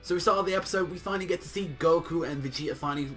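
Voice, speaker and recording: A young man giving a casual, excitable anime episode review, full of slang, swearing and constant fillers. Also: a little high, rapid-fire, faint music behind. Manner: excitable, slangy, swears often, heavy use of "like".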